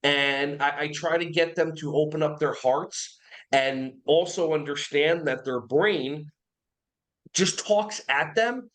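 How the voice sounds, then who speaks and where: A man's voice: on the high side, a little slow, rough recording. A man in his forties from New Jersey, a guest on a podcast talking casually and energetically, sometimes slipping into silly voices. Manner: energetic, animated storyteller who breaks into silly voices. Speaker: guest, early childhood behavior trainer.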